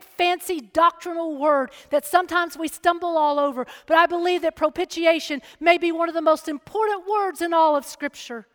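A woman's voice: very high-pitched, fairly bright tone, long reverb tail. A woman giving a sermon, moving from storytelling into emphatic preaching. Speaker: speaker at a church or chapel.

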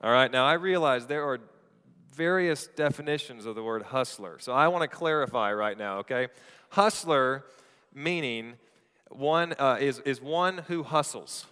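Playful pastor in a ringing church hall. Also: male voice, mid-range voice, sharp tone, clean tone. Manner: playful storytelling, quick asides to the congregation. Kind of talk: sermon. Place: church sanctuary.

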